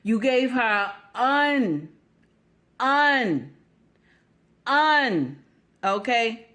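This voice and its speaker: A woman's voice: on the high side, very animated, extremely slow, fairly bright tone. A woman hosting a commentary show, sarcastic and mocking, repeating her lines with rising emphasis. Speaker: host.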